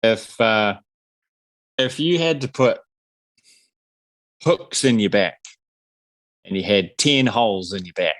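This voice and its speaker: A man's voice: lowish voice, takes it slowly, pauses often, no echo. A man in his forties co-hosting a casual film review podcast, with dry, sarcastic, self-mocking humor. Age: 40s. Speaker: podcast co-host.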